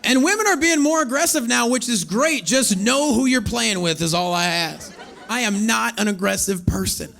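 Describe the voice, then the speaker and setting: A man in his thirties doing a stand-up comedy set on stage, telling stories with animated delivery and acting out other people's voices. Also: very high voice, normal speed, gravelly, a faint crowd. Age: 30s. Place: comedy stage before a live audience.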